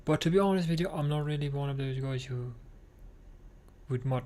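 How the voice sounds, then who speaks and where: A man's voice: mid-range voice, brisk, a little mellow. A tired, sleepy man chatting casually with his viewers, rambling and slipping into whispers, and calling everyone darling. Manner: drowsy, rambling, often drops to a whisper; keeps calling people darling. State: sleepy and tired after surgery. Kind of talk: casual chat.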